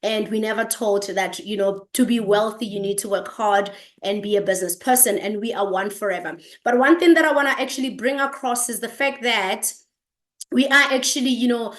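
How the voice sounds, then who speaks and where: A woman's voice: fairly high pitch, steady tone, moderate pace. A woman hosting an online business presentation on a video call, greeting attendees by place with lots of energy. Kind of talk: upbeat online meeting presentation.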